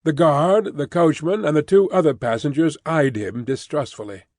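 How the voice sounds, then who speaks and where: A man narrating a classic novel in an expressive storytelling reading. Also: on the high side, moderate pace, dry recording. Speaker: audiobook narrator. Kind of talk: scripted narration. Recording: dry close studio recording.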